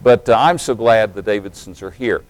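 A man's voice: fairly low pitch, normal speed, darkish tone, dry recording, rough recording. A man around forty from East Tennessee with a general American accent, preaching a sermon in a folksy, humorous way that builds into emphatic preaching. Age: late 30s to early 40s.

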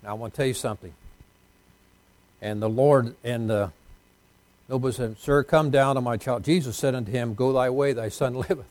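A pastor preaching a folksy sermon, swinging between loud emphatic lines and hushed ones. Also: male voice, medium pitch, fairly even intonation, normal speed, pauses often, no room sound.

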